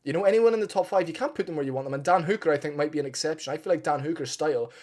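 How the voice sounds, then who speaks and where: A man's voice: on the high side, very fast, darkish tone. A man giving a casual, opinionated fight breakdown, blunt and partisan, swearing freely and getting fired up. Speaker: MMA fight analyst.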